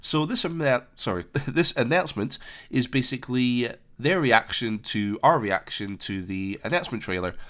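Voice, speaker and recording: A man's voice: mid-range voice, expressive, moderate pace, a bit bright. A man giving casual commentary on a game announcement, hesitant with many fillers and restarts. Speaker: flight sim commentator.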